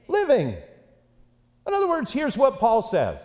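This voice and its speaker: A man preaching a sermon to an auditorium crowd, dropping low and quiet for emphasis. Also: huge pitch swings, unhurried. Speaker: pastor. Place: large auditorium. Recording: reverberant auditorium sound.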